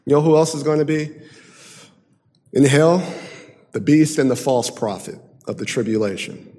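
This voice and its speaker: A man preaching a sermon emphatically, moving from loud declaiming to hushed, intense passages. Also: on the high side, moderate pace. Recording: long hall reverb.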